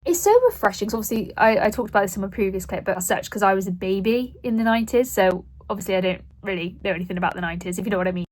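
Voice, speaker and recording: A woman's voice: medium pitch, steady tone, rapid-fire, hardly any pauses, a little mellow. A woman in her late twenties talks casually to camera as a book vlogger, rambling and poking fun at herself. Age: 20s. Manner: rambling, self-deprecating, chatty.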